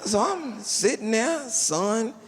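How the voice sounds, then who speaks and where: Animated male stand-up comic on stage. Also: high-pitched, slow pace. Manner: animated storytelling with voiced quotes. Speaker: stand-up comedian. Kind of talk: stand-up comedy storytelling. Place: large theater stage before a live audience. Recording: live hall with reverb and faint room noise.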